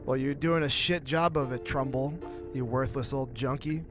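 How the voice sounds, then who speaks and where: A man voicing a gruff, sneering old con man in a video game read-through, loud and theatrical. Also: medium pitch, steady tone, normal speed, over music, close to an everyday voice. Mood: scornful. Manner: loud, rough, theatrical insults.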